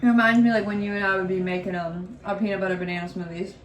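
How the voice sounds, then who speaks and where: A woman's voice: medium pitch, steady tone, rapid-fire. Chatty woman at home, echoey. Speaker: vlogger co-host. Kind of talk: casual chat while eating. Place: home, indoors. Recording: echoey room.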